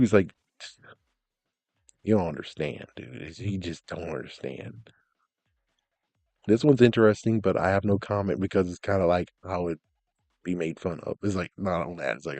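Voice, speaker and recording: A young man casually commenting on game announcements, rambling, ranting loudly at times and then trailing off into mumbles. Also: low-pitched, no room sound. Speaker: gaming vlogger.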